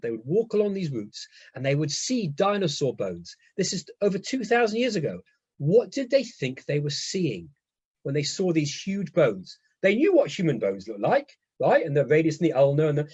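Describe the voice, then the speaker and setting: Man, rabbi lecturing, enthusiastic, fairly high voice, muffled recording. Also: darkish tone, breathy edge, no room sound. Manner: enthusiastic, keeps checking in with listeners. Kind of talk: lively lecture to a congregation.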